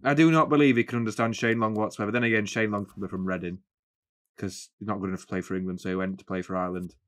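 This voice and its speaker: A man's voice: on the low side, fairly even intonation, rapid-fire. A man giving rambling, jokey play-by-play commentary on a football video game, breaking into mock-commentator flourishes. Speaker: gaming channel host.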